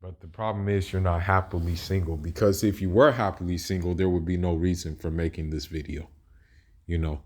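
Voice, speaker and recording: A man's voice: deep voice, fairly even intonation, a little fast, darkish tone. A man reacting to a played video in casual, rambling commentary, often restarting and asking "you know what I mean".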